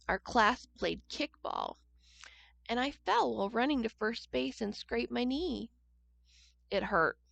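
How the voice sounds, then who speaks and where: Slow, lively woman reading a children's story. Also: a little high, creaky, no room sound. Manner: gentle and expressive, asking children questions. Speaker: church storyteller.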